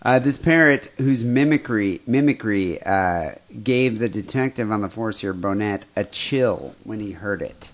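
A man, co-hosting a podcast in casual chat, retelling a grim story with meandering, halting restarts. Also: lowish voice, expressive. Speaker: podcast co-host.

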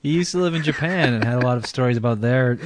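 A man's voice: medium pitch, fast, no echo. A man co-hosting a podcast, teasing and giggling through casual banter. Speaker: podcast co-host.

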